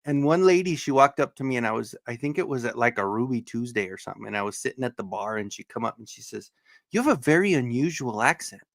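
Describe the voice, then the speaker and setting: A man's voice: mid-range voice, fast talker, creaky, few pauses, a bit bright, dry recording, clean studio sound. A man from Southern Colorado hosting a livestream, greeting his chat in a loose, joking way with casual swearing. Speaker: livestream host.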